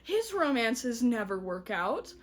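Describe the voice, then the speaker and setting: A young woman hosting a casual podcast, recapping a story in a giggly, animated way with lots of fillers. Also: fairly high pitch, slow pace, a crowd in the background. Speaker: podcast host.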